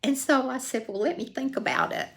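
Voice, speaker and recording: A woman's voice: high voice, brisk. An older woman telling a folksy true story in a casual vlog, acting out the voices she quotes. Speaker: vlogger.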